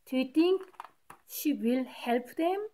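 A woman's voice: sits high, animated, takes it slowly, mellow. A woman teacher reading a picture book aloud to children, patiently stopping to point out the rhyming words. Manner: patient, explains each rhyme to kids.

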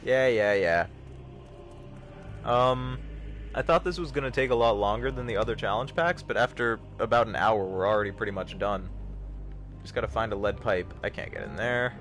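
A young man hosting a livestream, giving casual, jokey gameplay commentary with sudden excited yelps. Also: on the low side, normal speed, faint music behind. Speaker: livestream host.

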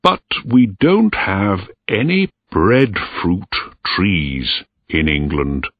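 A man voicing an angry, domineering ship captain who barks his orders in a stern, drawn-out way. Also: mid-range voice, husky, no echo, voice pushed up, full character voice. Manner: shouting, stern, drawn-out delivery. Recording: dry tinny lo-fi recording.

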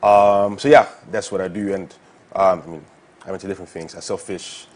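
A man's voice: low voice, steady tone, darkish tone. A man, an investment professional, being interviewed as a guest on a talk show, speaking enthusiastically with many fillers and restarts. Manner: fast-talking, filler-heavy, enthusiastic.

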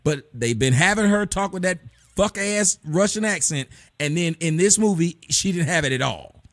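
A man's voice: high voice, animated, moderate pace, dry recording. A middle-aged man hosting a casual live stream, ranting bluntly and profanely about movies. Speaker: host.

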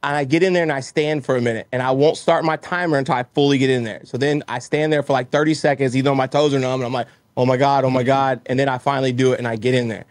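Brief: man, mid pitch, earnest motivational interview guest, dry close sound. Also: steady tone, racing, hardly any pauses, no room sound. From Texas. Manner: earnest, motivational, acts out his own inner voice. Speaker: guest, roofing business owner. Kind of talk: casual interview storytelling.

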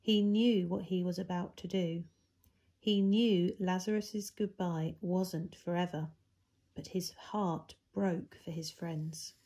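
A woman reading a Bible story to children at a church, with big jumps in pitch and loudness for emphasis. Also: fairly even intonation, slow.

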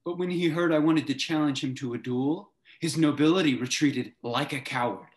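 A young actor playing a bitter, struggling young playwright who swings between hushed grief and sneering outbursts, performed over a video call. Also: male voice, fairly high pitch, moderate pace, echoey room, lightly acted. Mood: scornful. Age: young adult. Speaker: student actor.

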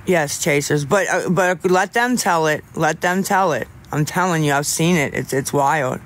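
A young man on a casual livestream, answering chat in a rambling, halting way with many restarts, candid about staying sober. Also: on the high side, a bit bright.

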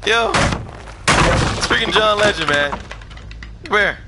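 A man's voice: high voice, lively intonation, slow pace, very noisy. A young man giving casual, jokey commentary while streaming a video game, laughing often and trash-talking the game. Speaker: gaming streamer.

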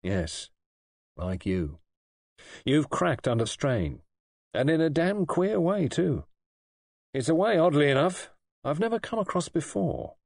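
A man's voice: a little high, very animated, a little slow, vocal fry, pauses often, darkish tone, dry recording, studio quality, voice pushed up, full character voice. A man playing a blunt, plain-spoken middle-aged police superintendent talking to his daughter in an audiobook. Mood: earnest. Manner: plain-spoken, firm, fatherly. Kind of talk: audiobook dialogue.

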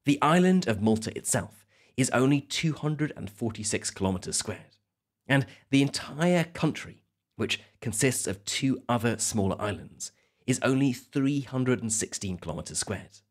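A man hosting an educational podcast, telling a story in a clear, measured way for learners. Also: mid-range voice, lively intonation. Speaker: podcast host. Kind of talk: scripted educational narration.

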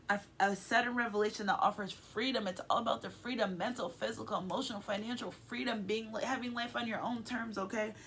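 With a medium-pitched, slightly bright voice over a little hiss or hum, this woman gives her viewers a relaxed tarot reading. She gushes warmly, grows emotional at times, and keeps chatting and checking in with "okay?"

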